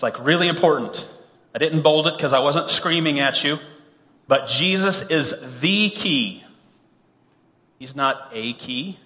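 A man's voice: medium pitch, pushed and bright, in a large hall. A man preaching a sermon, reading scripture and then explaining it in a conversational way, with humorous asides. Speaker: pastor.

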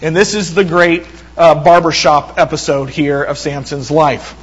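A man with a notably high voice preaching a sermon. He retells a scripture story with animated quoted lines and often restarts his words. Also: unhurried, slightly rough, highs cut off.

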